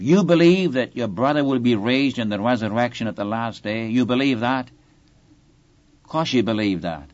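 A man delivers an expository sermon, explaining scripture verse by verse. He speaks earnestly and turns often to address the listener directly. His voice sits at a middle pitch, and the recording sounds a little dull and lo-fi. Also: normal speed, dry recording. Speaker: preacher. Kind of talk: Bible-teaching sermon.

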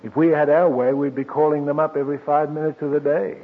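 A man preaching a sermon, slow and emphatic, dropping soft and then lifting his voice again. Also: on the high side, flat delivery, husky. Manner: slow, emphatic, with soft drops and sudden lifts. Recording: tinny old radio broadcast with long reverb.

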